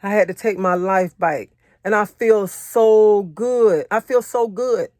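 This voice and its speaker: A woman's voice: medium pitch, takes it slowly, a little mellow, no echo, studio quality. Earnest woman giving a faith talk. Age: adult, married. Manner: repetitive, earnest, conversational preaching; personal testimony in casual vernacular. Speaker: faith encourager.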